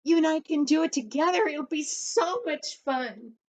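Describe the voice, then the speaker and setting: A woman voicing an eager young boy who is generous to his friend, in a high, excited voice. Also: normal speed. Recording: dull lo-fi recording.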